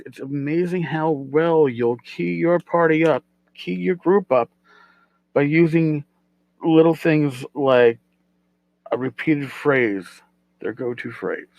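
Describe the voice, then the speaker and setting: A man's voice: fairly high pitch, a little mellow, no room sound, dull audio. Rambling middle-aged male podcast host. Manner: rambling, self-deprecating, repeats words. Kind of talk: casual solo podcast talk.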